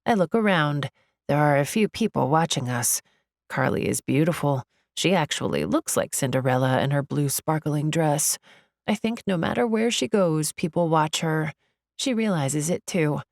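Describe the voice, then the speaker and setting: A woman narrating a first-person romance audiobook in a measured, wry manner. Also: low-pitched, animated, no echo, clean studio sound.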